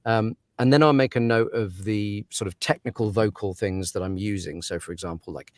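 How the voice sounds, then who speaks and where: A man's voice: lowish voice, moderate pace, no room sound, studio quality. A man who narrates audiobooks, talking through his craft in a casual interview, thoughtful and given to laughs and fillers.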